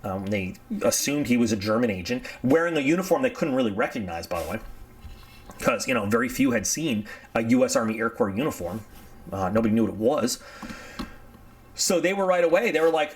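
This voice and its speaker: A man's voice: mid-range voice, a little fast. Rambling, digressive male history storyteller. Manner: rambling, digressive, self-correcting; animated storyteller acting out quotes. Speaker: history channel host. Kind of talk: casual spoken history talk.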